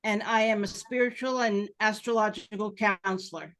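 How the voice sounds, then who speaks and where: A woman's voice: mid-range voice, fairly even intonation, normal speed, a bit bright. A woman from California, a counselor, briefly introducing herself on a video call. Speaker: spiritual counselor.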